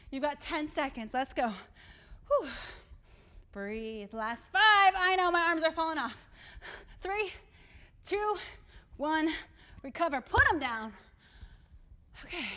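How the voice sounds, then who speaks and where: A woman leading a workout as she exercises along with it. She is out of breath, pushing her listeners on and counting down each set. Her voice sits high. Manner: energetic, encouraging, counting down. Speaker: fitness instructor. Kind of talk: live workout coaching.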